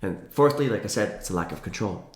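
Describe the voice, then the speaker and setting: Lively guy explaining health stuff, pitch all over the place, echoey room. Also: a little fast. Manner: animated, emphatic, playful asides. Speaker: naturopathic health educator. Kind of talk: energetic educational talk to camera. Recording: roomy echo.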